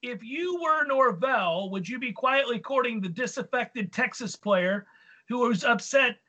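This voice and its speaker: A man's voice: extremely high pitch, lively intonation, a little slow, pushed and bright. A man hosting a casual sports talk show, reading listener questions and talking emphatically. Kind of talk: casual sports radio chat.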